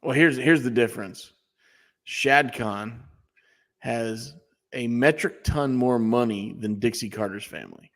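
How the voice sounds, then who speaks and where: A man's voice: medium pitch, a little slow, a bit bright. Blunt man in a reverberant room. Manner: blunt, swears freely. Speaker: podcast co-host. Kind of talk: casual chat. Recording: long echoey reverb.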